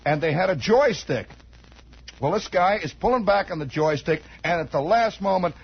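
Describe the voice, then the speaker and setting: A man's voice: sits high, lively intonation, normal speed, gravelly, music in the background. A man hosting a 1960s radio show, spinning a rambling comic story and acting out bits of it. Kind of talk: improvised radio monologue. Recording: dull lo-fi 1960s radio broadcast.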